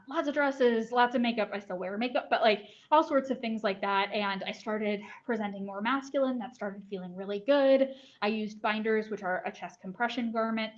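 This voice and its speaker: Earnest speaker, lo-fi. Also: female voice, mid-range voice. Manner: earnest, many ums and likes, laughs often. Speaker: guest speaker. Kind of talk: personal story at a talk. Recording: dull lo-fi recording.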